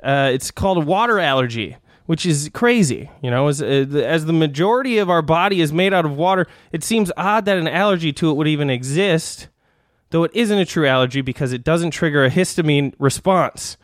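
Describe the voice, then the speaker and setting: A man's voice: on the high side, expressive, brisk, dry recording, clean studio sound. Rambling man riffing as a joke doctor. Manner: rambling, laughing, with frequent restarts. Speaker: comedy podcast host. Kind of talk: comedic bit, reading a fake doctor's diagnoses.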